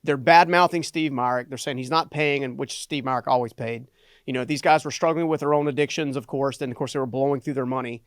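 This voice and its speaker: A middle-aged man, a guest on a podcast, telling a personal story in an animated way and often adding "right?" for emphasis. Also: medium pitch, quick pace, smooth, no room sound, studio quality. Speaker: guest, entrepreneur and motivational speaker.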